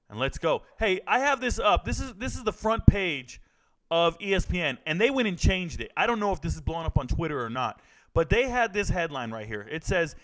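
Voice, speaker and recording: A man's voice: fairly high pitch, a bit bright, rough recording. A middle-aged man hosting a casual commentary vlog, brash and joking as he talks straight to his viewers. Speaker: sports and trends commentator.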